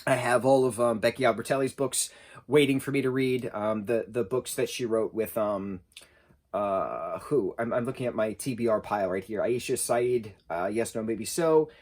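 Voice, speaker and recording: A man in his thirties giving a casual spoken book review, chatty and excitable, with a sarcastic streak and frequent restarts. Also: medium pitch, normal speed.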